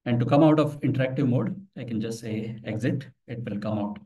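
A man presents a live tech demo at a meetup, his voice in the middle pitch range. He talks casually, tells stories and puts questions to the audience. The voice comes from some distance off the microphone in an office meeting room. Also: a little fast, warm tone. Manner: conversational, tells anecdotes, asks the audience questions. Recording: voice from far off the mic.

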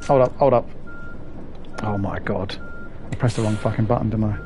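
A man's voice: on the low side, fairly even intonation, normal speed, noisy background. A man streaming a bus simulator, swearing and joking with his chat as he plays. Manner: sweary, jokey banter with chat. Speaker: gaming streamer. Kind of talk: live gameplay commentary.

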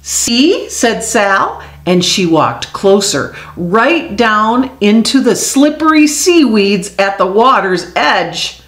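A woman reading a children's picture book aloud, telling it in an expressive, unhurried way. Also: mid-range voice. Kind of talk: storybook read-aloud. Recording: echoey room.

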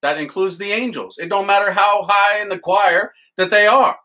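A man, a priest, teaching with excited enthusiasm and leading a chanted litany. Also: high voice, normal speed, poor audio.

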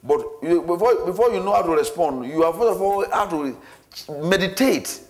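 A man with a fairly high voice leads a church marriage class. He lectures in an animated way, repeating points and acting out everyday situations for his listeners. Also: moderate pace. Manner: repetitive, animated, acts out scenarios.

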